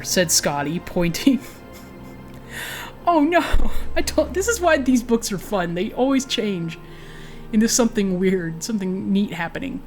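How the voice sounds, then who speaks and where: A woman's voice: mid-range voice, animated, unhurried, faint music behind. A woman streaming a game, reading a book aloud and breaking off for chatty, giggly asides.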